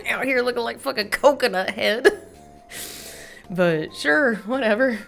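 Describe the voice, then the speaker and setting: A young woman chatting through her daily game routine in a loose, blunt, sweary vlog style, breaking into frequent laughs. Her voice has a strong gravelly fry, and there is faint music playing behind her. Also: a little high, lively intonation, slow, fairly bright tone. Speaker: gaming YouTuber. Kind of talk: casual vlog chat.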